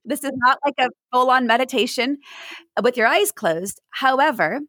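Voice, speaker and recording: A woman's voice: sits high, normal speed, fairly bright tone, dry recording, rough recording. A woman giving mindfulness advice to parents in an interview, earnest and acting out examples as she explains.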